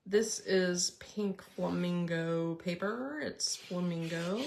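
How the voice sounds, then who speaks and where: A woman's voice: fairly low pitch, takes it slowly, vocal fry, noisy background. A middle-aged woman hosting a casual card-making tutorial, chatting and explaining step by step as she works with her hands.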